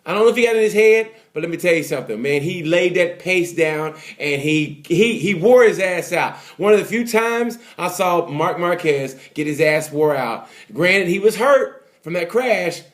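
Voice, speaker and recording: A man's voice: sits high, normal speed, hardly any pauses. Chatty man ranting about races. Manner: animated, swings from excited to subdued, many fillers. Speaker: motorsport commentator. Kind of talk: casual race recap monologue. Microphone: phone or camera mic.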